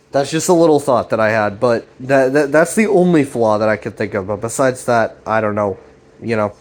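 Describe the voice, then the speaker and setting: A man's voice: mid-range voice, darkish tone. A young man recapping a web series in a loose, rambling way, swearing often and restarting his sentences. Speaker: host.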